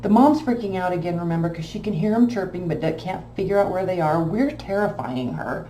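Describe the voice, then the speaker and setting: A woman casually telling a long personal story, emotional and animated, with many fillers. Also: on the low side, a little fast, reverberant, slight background noise. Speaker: tarot channel host.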